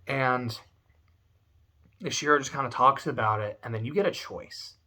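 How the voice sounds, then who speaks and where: A man's voice: mid-range voice, normal speed, bright, forceful tone. Casting: teary guy rambling, swears a lot, emotional talk. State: close to tears. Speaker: video essayist.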